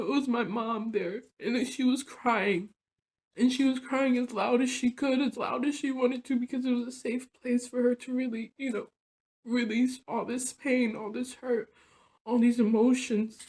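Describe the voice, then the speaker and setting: A woman telling a personal story on her vlog, rambling and confessional, filling her talk with "like" and "you know" and often sinking soft and low. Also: fairly even intonation, moderate pace. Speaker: vlogger.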